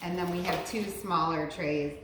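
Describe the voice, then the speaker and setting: A woman with a somewhat low voice talks through a snack recipe in a casual, rambling, enthusiastic way. She is recorded in a home kitchen with strong echo and a faint noise underneath. It sounds like a relaxed home cooking video. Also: moderate pace. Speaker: cooking channel host.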